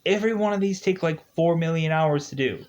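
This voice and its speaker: A man giving casual, rambling commentary on a mobile game he's playing, chatty and quick to laugh. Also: fairly high pitch, a little mellow. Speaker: gaming video host. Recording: dull lo-fi recording.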